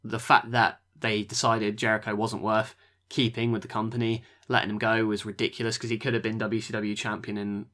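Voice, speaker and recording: A man's voice: fairly low pitch, level tone, a little fast, fairly bright tone. A man hosting a podcast, reviewing matches in a rambling casual chat that often trails off. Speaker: podcast host.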